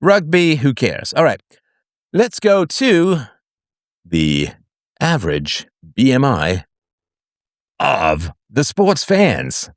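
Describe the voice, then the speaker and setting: A man's voice: medium pitch, huge pitch swings, slow, long pauses, no echo, clean studio sound. A man hosting a live solo show, reading out figures with sarcastic, mocking asides. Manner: jokey asides between figures read out. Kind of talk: solo livestream monologue.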